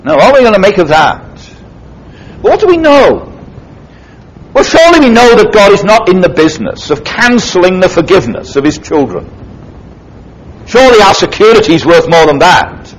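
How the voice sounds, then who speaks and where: A man's voice: big pitch swings, brisk, low-quality recording. A man preaching a sermon, retelling a parable emphatically and dramatically. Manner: emphatic, dramatic retelling with sweeping pitch swings. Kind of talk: expository sermon.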